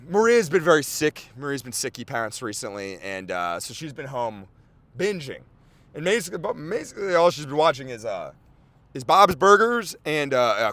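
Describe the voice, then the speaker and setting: A man hosting a podcast, rambling in casual chat with lots of swearing, fillers and excitable outbursts. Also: a little high, no echo. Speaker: podcast host.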